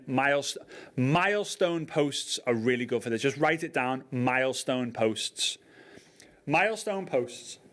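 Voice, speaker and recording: A male coach leads an online training session in a relaxed, chatty way. He repeats key points and often checks in with his listeners before moving on. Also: medium pitch. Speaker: network marketing coach.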